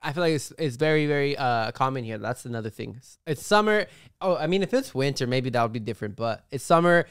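A young man co-hosting a podcast, talking casually in an excitable, rambling, slangy way. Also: medium pitch, fast, clean tone, no room sound, clean studio sound. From United States. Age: young adult. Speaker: podcast co-host. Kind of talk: casual chat.

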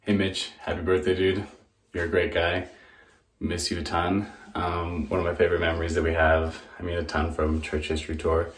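A young man sending a friend laid-back, halting birthday wishes in a casual video message. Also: low voice, flat delivery. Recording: echoey room.

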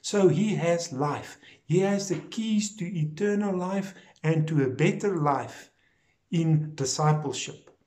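A man preaching a recorded sermon episode, slow and deliberate, stressing key words and repeating phrases for emphasis. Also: on the high side, a little mellow.

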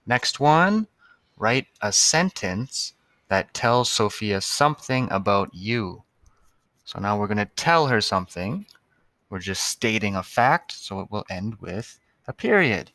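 A patient male teacher records a lesson for young children, drawing out his sentences and spelling out words one by one. His lowish voice is bright, forward, and animated, at a measured pace. The recording is close and dry, with no echo or room sound.

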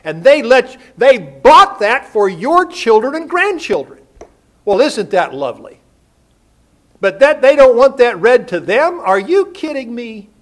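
Older man, preacher, high-pitched voice, folksy, rhetorical questions. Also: very animated, a little slow. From United States. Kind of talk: sermon. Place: church sanctuary.

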